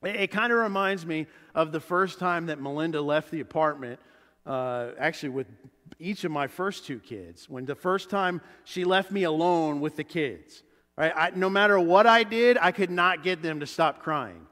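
Animated high-voiced preacher in echoey church. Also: male voice, normal speed. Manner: animated, acts out quoted voices loudly. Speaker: pastor. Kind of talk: sermon. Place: church sanctuary. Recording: church hall reverb.

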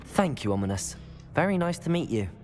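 An eager, earnest young student, lively in pitch, sounding fresh and keen. as game audio with faint music behind. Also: female voice, brisk. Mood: friendly. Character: eager young female student, new arrival. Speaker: player character.

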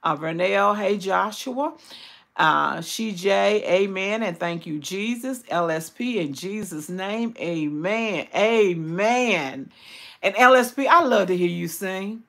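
Older Southern woman hosting a live stream, unhurried prayerful delivery, repeats herself for emphasis. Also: mid-range voice, gravelly, a bit bright. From Tennessee. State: recovering from hip surgery. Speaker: YouTube channel host. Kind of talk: livestream prayer and chat with viewers.

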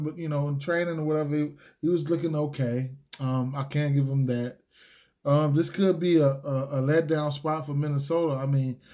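Male picks host, slightly high mellow voice, rambling casual delivery full of fillers and slang. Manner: rambling, many fillers and restarts; laid-back slangy talk. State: hiccups. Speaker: sports betting picks host. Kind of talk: casual solo picks video.

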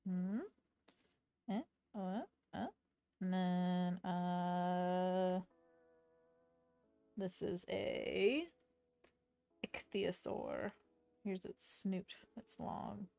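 Playful woman chatting slowly while drawing. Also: lowish voice, little pitch movement, gravelly, mellow, faint music behind. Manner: playful, chatty, reads chat messages aloud. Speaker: art streamer. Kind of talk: casual chat while drawing on stream.

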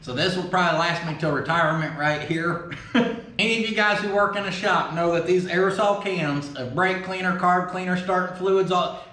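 A folksy, excitable man with a drawl, chatting casually and cussing easily as he opens fan mail. His voice sits high for a man. The sound bounces around a roomy workshop. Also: moderate pace. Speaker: vlog host opening fan mail. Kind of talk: casual chat. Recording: roomy echo.

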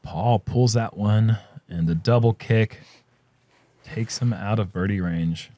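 A man doing casual sports commentary, easygoing and quick to laugh as he banters with his co-host. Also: lowish voice, warm tone. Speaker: disc golf commentator.

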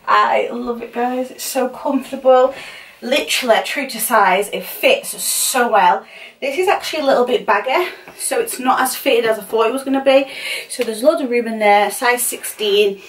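A woman's voice: fairly high pitch, normal speed. A young woman chatting casually in a fashion haul, gushing and repeating herself with lots of fillers. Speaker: fashion vlogger. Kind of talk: casual try-on haul chat. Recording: voice somewhat far from the mic.

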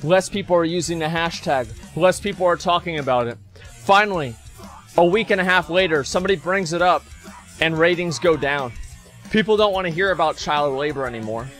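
A man's voice: fairly high pitch, a little fast, a bit bright, soft background music. A man streaming, delivering a rambling, profane, sarcastic rant, stumbling into restarts as he goes. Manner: sarcastic, mocks people in put-on voices. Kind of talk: ranting commentary.

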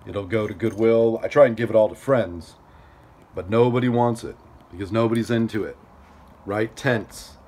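A man's voice: lowish voice, moderate pace. Chatty man telling a story outdoors. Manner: chatty, animated storyteller who acts out others' lines. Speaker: outdoor gear vlogger. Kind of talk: casual storytelling vlog. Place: outdoors at a storage unit facility.

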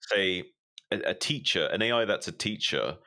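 A man's voice: low-pitched, expressive, normal speed, sharp tone. A man in casual podcast chat, ranting animatedly with opinions and swearing. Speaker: podcast co-host.

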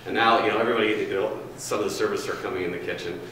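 A man with a lowish voice rambles through a chatty story, full of fillers, before shifting into running a staff training session. He stands well away from the microphone in a big, very echoey room. A faint hiss of noise sits underneath. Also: steady tone, racing, sharp tone, far from the mic. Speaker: food and beverage trainer. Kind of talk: storytelling, then presenting to a room.

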